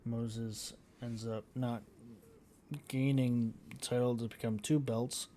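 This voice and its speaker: A man giving casual gameplay commentary as a channel host, reading out results haltingly with frequent fillers. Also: mid-range voice, flat delivery, mellow, a little hiss or hum. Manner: halting, reads out scores with many fillers.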